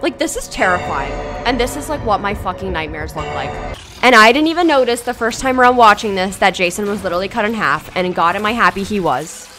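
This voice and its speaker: A woman's voice: medium pitch, animated, fairly quick, bright, forceful tone, faint music behind. A woman in her twenties giving casual commentary on a TV show, chatty and blunt, swearing freely and laughing often. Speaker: YouTuber.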